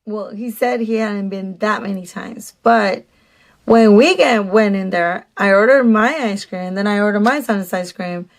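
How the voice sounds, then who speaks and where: A woman's voice: mid-range voice, unhurried. A woman telling a casual storytime about a date, chatty and sarcastic, with lots of fillers and asides.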